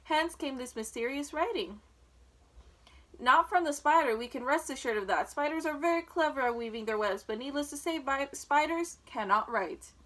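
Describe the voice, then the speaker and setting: A woman voicing a pompous male announcer making a grand, formal speech over a fair loudspeaker in a storybook. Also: sits high, lively intonation, normal speed.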